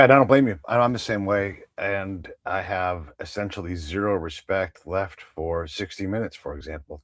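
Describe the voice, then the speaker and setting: Podcast host, man in his fifties, lower voice, dry close sound, speaks bluntly and sometimes swears. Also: no echo. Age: 50s. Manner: blunt, opinionated, swears freely, mocks news anchors. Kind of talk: casual conversational interview.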